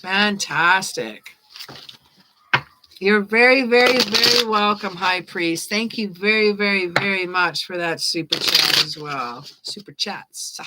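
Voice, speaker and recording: A woman giving tarot readings on a casual live stream, chatting and reading card meanings aloud as she thinks out loud. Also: medium pitch, takes it slowly, heavy background noise. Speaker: tarot reader.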